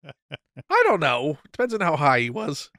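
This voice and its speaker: A man guesting on a podcast, trading wry, quick quips in casual chat. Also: on the high side, very animated, pushed and bright, no echo, clean studio sound. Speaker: guest commentator.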